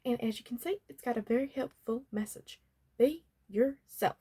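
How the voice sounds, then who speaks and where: Woman, whispered role-play, salon artist with a put-on Southern accent, fairly high voice, soothing and chatty. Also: normal speed, husky. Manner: chatty and soothing, calls listener honey and darling; drifts between whisper and soft voice. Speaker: ASMR artist as makeup and magic salon worker.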